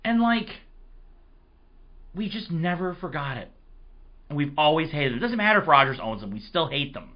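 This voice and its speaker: A man hosting a casual sports podcast, his voice hoarse, telling rambling, excitable stories. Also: a little high, normal speed, pauses often, lo-fi sound. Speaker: podcast host.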